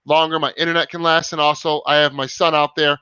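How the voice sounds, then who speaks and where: Hyped young guy hosting a stream, high bright voice, swears a lot, kinda muffled lo-fi audio. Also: fast talker, smooth, no room sound. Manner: animated, swearing, emphatic. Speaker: livestream host. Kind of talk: casual livestream chat. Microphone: video call.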